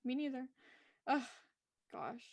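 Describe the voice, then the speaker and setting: A woman co-hosting a casual online show, talking excitedly and emotionally while she reacts to pictures and sighs often. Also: high-pitched, slow, gravelly, dry recording, dull audio. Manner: gushing, emotional, exclaims and sighs. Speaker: co-host of a TV discussion show. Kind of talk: casual chat, reacting to photos.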